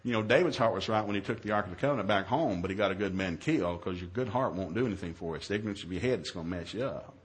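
A man who is a minister, telling a humorous story in a sermon, acting out his own yelled lines in a raised voice. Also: racing, few pauses, a little hiss or hum. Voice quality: animated, shifts to high yelling quotes.

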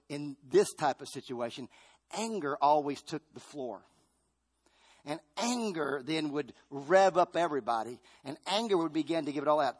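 A pastor preaching a storytelling sermon in a fairly high male voice. He repeats his phrases for effect and swings between lively bursts and quiet, hushed stretches. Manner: repetitive, storytelling, rising and falling intensity.

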